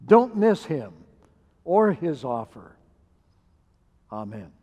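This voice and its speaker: A male pastor with a high voice tells a sermon story at an unhurried pace, pausing on fillers as he goes. His words ring out with the long reverb of a church sanctuary. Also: big pitch swings, darkish tone. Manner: measured storytelling with hesitant fillers.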